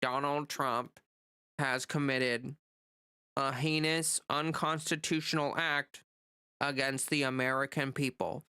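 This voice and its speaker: A woman puts on an older male senator who sounds tired and checked out, with every word dragged out slowly and no feeling behind it. His voice sits a little low, and the sound is close and dry. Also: clear, resonant tone, no room sound, full character voice. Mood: flat solemn. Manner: flat, emotionless, drawn-out delivery. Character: weary older male senator reading flatly.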